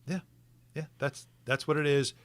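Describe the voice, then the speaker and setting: A man co-hosting sports talk radio, animated and fond of rhetorical questions. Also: on the high side, normal speed, no echo.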